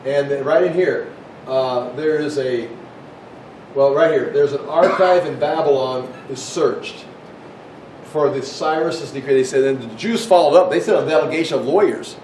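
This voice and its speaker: A man with a darkish tone speaks at a moderate pace, picked up from far off, while giving a casual lecture on Bible history. As a Bible teacher he talks conversationally, restarting frequently and voicing the people he quotes, amid room echo and faint rumble.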